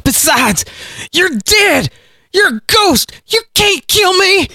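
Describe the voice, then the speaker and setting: A man voicing a cornered, vicious hillbilly who shrieks in a shrill, screeching voice. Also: big pitch swings, takes it slowly, sharp tone, no room sound, clean studio sound, exaggerated voice. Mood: panicked.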